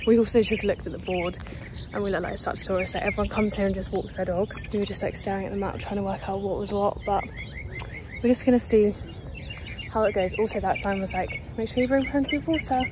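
A young woman talks casually to her handheld camera, full of "like" and easy fillers. Her voice sits in a middle register. Steady background noise runs under the recording. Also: medium pitch, fast talker. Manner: chatty, filler-heavy, says "like" often. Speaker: travel vlogger. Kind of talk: casual vlog chat to camera. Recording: noisy handheld vlog audio.

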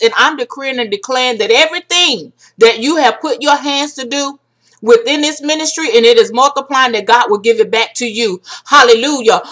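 A warm, effusive woman speaks as a ministry leader in a heartfelt video message. She says "y'all" often and breaks into preacher-like declarations. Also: fairly high pitch. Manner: uses Southern-style "y'all".

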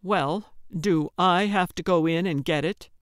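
A woman's voice: fairly low pitch, unhurried, dry recording, studio quality, close to an everyday voice. A woman narrator voicing a stubborn, cranky elderly woman with a walker, bossy and wheedling, who hollers when annoyed. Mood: coaxing.

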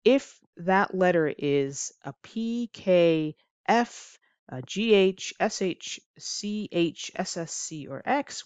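Low-voiced woman teaching pronunciation. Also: no room sound, muffled recording. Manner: clear, deliberate, stretches example words slowly. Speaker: English teacher. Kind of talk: pronunciation lesson.

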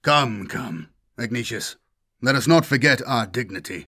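A man's voice: lowish voice, normal speed, pitched below the performer's own voice. A man voicing an icy, menacing commander. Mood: soothing. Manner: icy calm, quietly menacing. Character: cold, menacing male warrior commander.

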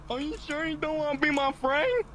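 A man voicing a silly, dim, childlike schoolboy in an improvised game role-play, talking in a squeaky sing-song whine. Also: slight background noise, heavily acted. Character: silly childlike male student, dim and playful. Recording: loud crowd of players behind.

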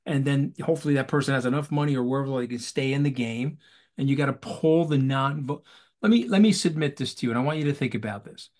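A man talking as a guest in an animated interview over a video call, emphatic and rhetorical, repeating phrases for effect. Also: fairly high pitch, fast talker.

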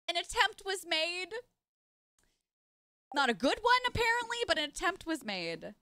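A woman streaming live and chatting casually while she plays, playful and goofy with loud silly outbursts. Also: high-pitched, sing-song, takes it slowly, pauses often.

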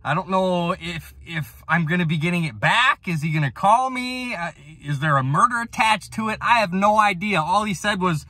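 An excitable man hosting a magnet fishing vlog outdoors by a bridge, narrating to his viewers. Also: sits high, moderate pace, hardly any pauses, no echo. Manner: excitable, exclaims often. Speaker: magnet fishing channel host. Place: outdoors by a bridge over water.

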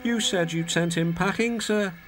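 A man's voice: high voice, moderate pace, fairly bright tone, soft background music, voice pushed up. A man voicing a polite, hardworking male tank engine who speaks with deference. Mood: earnest.

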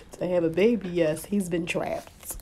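A young woman with commentates her own gameplay in a loud, reactive way, exclaiming and laughing as she goes. Her voice has a gravelly fry, and she talks at an unhurried pace. A faint hiss of noise sits under the recording. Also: lowish voice, steady tone, poor audio. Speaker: gaming channel host.

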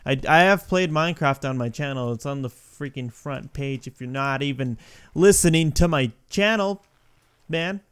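A young man giving casual, rambling gameplay commentary, excitable and breaking into yelps and shrieks when a level goes wrong. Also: medium pitch, normal speed, clear, resonant tone. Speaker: gaming YouTuber.

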